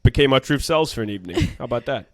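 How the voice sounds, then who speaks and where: A man's voice: medium pitch, lively intonation, racing. A man co-hosting a comedy podcast, riffing in casual banter and laughing often. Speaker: podcast co-host.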